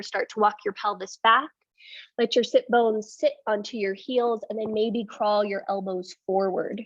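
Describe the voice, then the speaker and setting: A woman leading a live yoga class, mixing candid, rambling asides with calm, breath-led cues for poses. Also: medium pitch, dry recording. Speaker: yoga teacher. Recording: dull lo-fi sound, dry.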